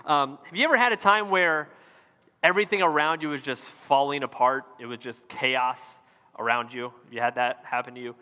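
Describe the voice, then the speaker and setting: A man's voice: medium pitch, normal speed, pushed and bright. A man in his thirties, a pastor, telling a self-mocking family story in a conversational sermon to a large church room. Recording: long hall reverb.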